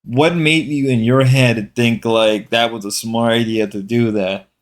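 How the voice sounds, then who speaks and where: A man's voice: medium pitch, fairly even intonation, measured pace. A man streamer giving casual commentary on clips, rambling and incredulous, repeating himself.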